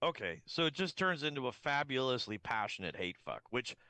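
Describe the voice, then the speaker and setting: A man's voice: medium pitch, no echo. A man on a talk show, telling stories in casual chat and swearing freely. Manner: fast, lively storyteller, swears freely.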